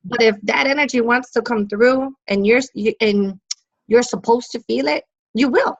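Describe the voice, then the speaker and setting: A woman's voice: fairly high pitch, normal speed, gravelly, dull audio. A woman guest talking as a psychic medium in a casual interview, telling stories animatedly and laughing often.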